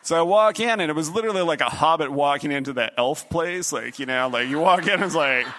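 A middle-aged man telling a comic personal story, animated, jumping into other voices and pitches as he goes. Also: fast.

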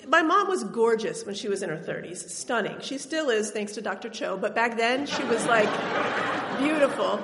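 A woman's voice: fairly high pitch, very animated, moderate pace, a bit bright, some chatter behind. A woman from Tennessee telling a personal story on stage, in a conversational, wry way with bits of laughter. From Tennessee, US South. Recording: roomy hall reverb.

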